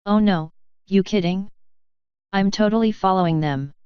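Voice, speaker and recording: A woman's voice: mid-range voice, moderate pace, clean tone, dry recording, dull audio, close to an everyday voice. A woman voicing a mischievous male chaos creature who teases his family in a playful way. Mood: teasing. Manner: teasing, playful.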